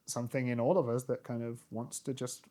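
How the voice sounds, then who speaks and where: A man's voice: mid-range voice, little pitch movement, a little fast, warm tone. A man hosting a casual chat over old photos, enthusiastic and musing, often trailing off mid-thought. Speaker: host and tour guide.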